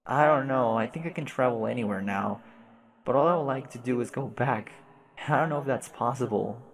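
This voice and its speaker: A man's voice: mid-range voice, fairly quick, vocal fry, big-room sound, close to an everyday voice. Man voicing Jade, a grieving frightened girl. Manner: pleading, shaky, upset. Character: grieving lonely young girl, scared, tearful.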